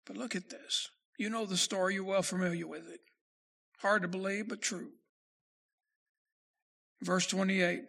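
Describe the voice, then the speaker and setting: Male pastor, high gravelly voice; slow scripture reading that builds into intense preaching. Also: fairly even intonation, sharp tone. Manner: reads scripture slowly then preaches with rising intensity. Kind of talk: sermon.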